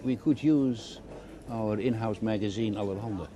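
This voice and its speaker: An older man, giving an interview and recalling his retail career in halting, repeated phrases. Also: fairly low pitch, a crowd in the background. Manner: halting, repeats words while searching for phrasing. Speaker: interviewee, former retail executive. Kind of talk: reflective conversational interview. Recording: noisy background hiss.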